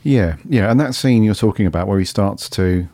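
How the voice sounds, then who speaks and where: A man's voice: lowish voice, lively intonation, normal speed, dark tone, no room sound, studio quality. A man co-hosting a podcast, talking in an easygoing, hesitant way with plenty of ums. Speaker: podcast co-host. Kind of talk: casual podcast chat.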